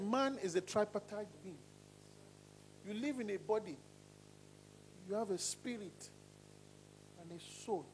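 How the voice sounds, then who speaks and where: Guy coaching singers, pretty high voice, jumps around in pitch a lot, faint hum behind. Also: low-quality recording. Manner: animated, demonstrating voices with sudden pitch swings. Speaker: singing coach. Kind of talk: voice lesson to a class.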